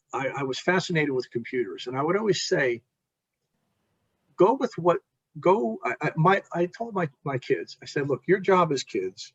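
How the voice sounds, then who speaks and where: A man's voice: a little high, breathy edge, no room sound. A middle-aged man, a guest on a talk show, casually telling a long personal story, acting out the people in it and often restarting sentences. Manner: animated storyteller, quotes people in his story, many restarts. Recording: dull lo-fi sound.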